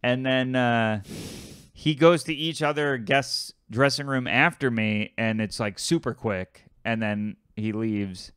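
Telling a tale on a podcast he co-hosts, this man slips into quoted voices to play the people involved as he chats and riffs. His mid-range voice takes its time and comes across a bit bright, clear, and resonant. The studio-quality audio has no room sound.

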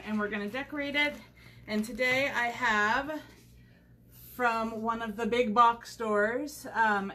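A faint hiss or hum sits under this home recording, made on the camera mic. Showing a craft on her livestream, the woman has a fairly high, fairly bright voice and chats loosely, wandering with lots of filler words.

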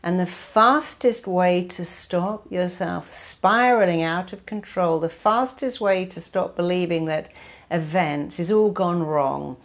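Woman, therapist, motivational talk, emphatic, repetitive lists, lowish pitch. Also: takes it slowly, gravelly. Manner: emphatic, driving home points with repeated lists.

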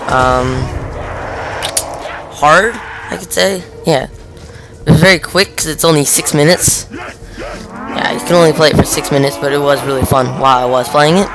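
A man's voice: fairly high pitch, moderate pace, long pauses, music in the background. A young man hosting a gaming channel, talking through a gameplay clip in a rambling, hesitant way with lots of fillers. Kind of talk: casual gameplay commentary.

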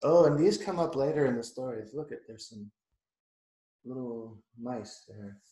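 A male teacher with a medium-pitched, warm voice reads a picture book aloud to children, animated but at a measured pace. The audio is poor and the room echoes. He's chatty, stopping to explain the pictures and ask the kids questions.

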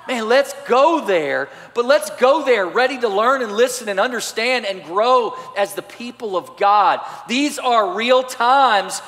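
A man preaching a sermon as pastor, animated and swinging between loud and soft delivery. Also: sits high, a little slow, few pauses. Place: church sanctuary. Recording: church hall reverb.

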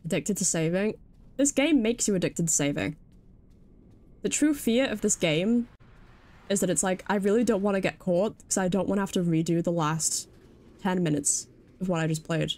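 A woman's voice: on the low side, normal speed, a little mellow. A British woman streaming a video game live, jumpy and swearing freely as she comments and talks to her chat.

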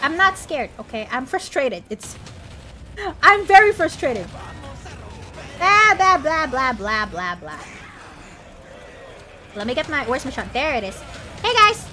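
A woman's voice: high voice, very animated, a little slow, pauses often, sharp tone, a little hiss or hum. A woman streaming a horror game, chatting casually, panicky and jokey, bursting into shrieks and laughter. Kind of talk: casual gameplay commentary.

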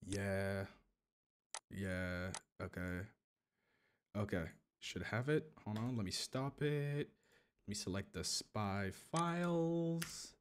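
A male streamer chatting through a puzzle game in a low voice that rises and falls a lot. He rambles slowly, jokes, and mumbles nonsense to himself between moves. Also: lively intonation, slight background noise. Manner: rambling, joking self-talk while playing. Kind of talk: gaming livestream.

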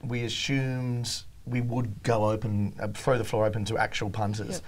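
A man's voice: on the low side, level tone, moderate pace. A male comedian guest in a TV studio, telling wry anecdotes in casual chat. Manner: wry storyteller, mimics people in anecdotes.

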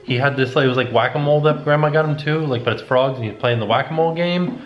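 A man co-hosting a home vlog, telling stories in a relaxed, casual way. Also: medium pitch, quick pace, highs cut off. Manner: relaxed storytelling with quoted asides. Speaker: vlog co-host and father. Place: family home. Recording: echoey home room.

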